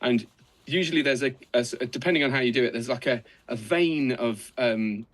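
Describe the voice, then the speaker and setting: A man co-hosting a casual live stream, explaining things in halting, hedged bursts. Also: mid-range voice, a bit bright. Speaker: co-host.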